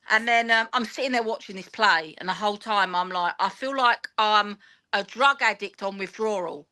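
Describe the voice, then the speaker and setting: A woman, telling an animated, rambling story in an interview and acting out the dialogue. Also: medium pitch, fast talker. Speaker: guest, football fan and teacher.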